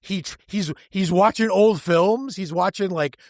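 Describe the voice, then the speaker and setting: A man on a film podcast panel in casual talk, expressive, stretching words for emphasis and swearing now and then. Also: high-pitched, a little slow, dry recording, clean studio sound.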